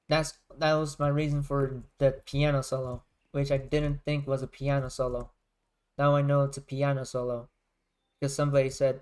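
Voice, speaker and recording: A man's voice: medium pitch, little pitch movement, normal speed, a little mellow, smooth. A man, a music creator, chatting casually on a livestream, rambling and circling back to rephrase his points.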